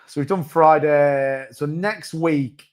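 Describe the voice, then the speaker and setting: A man chats through a crypto market livestream in a slightly raised voice. He rambles with restarts and loose asides, like a relaxed host talking to his regular viewers. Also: on the high side, takes it slowly. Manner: rambling, chatty, with many restarts and asides to chat. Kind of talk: casual live-stream market commentary.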